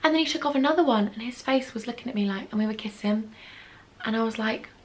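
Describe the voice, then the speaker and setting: A woman's voice: fairly high pitch, fast. A young woman, telling a storytime in a gushing, chatty way full of pet names. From England. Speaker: beauty vlogger. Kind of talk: casual storytime chat.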